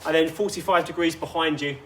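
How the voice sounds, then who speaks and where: Male fitness coach, higher voice, chatty instructive delivery with asides, outdoor take with light ambience. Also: steady tone, fast, a bit bright, slight background noise. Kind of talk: guided workout instruction.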